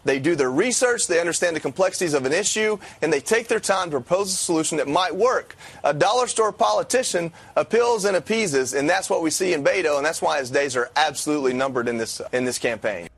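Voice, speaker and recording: A man on a podcast lays out blunt opinions with emphatic, pointed delivery. His voice sits a little high and sounds husky, recorded dry and close. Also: expressive, fairly quick, hardly any pauses, no echo. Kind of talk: opinion commentary.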